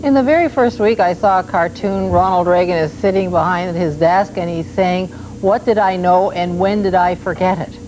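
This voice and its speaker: Woman news host, crisp questioning delivery, mid pitch, 1980s broadcast tape. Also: fairly even intonation, a little mellow, faint music behind, rough recording. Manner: brisk, probing questions. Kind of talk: broadcast interview and introductions.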